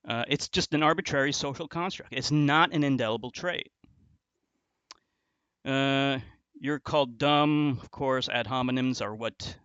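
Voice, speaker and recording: A man's voice: on the high side, fairly bright tone, no room sound, muffled recording. A man hosting commentary, talking with contempt and often restarting his sentences. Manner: contemptuous and insulting, with frequent restarts. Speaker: commentary video host. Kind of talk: scornful commentary reacting to an online argument.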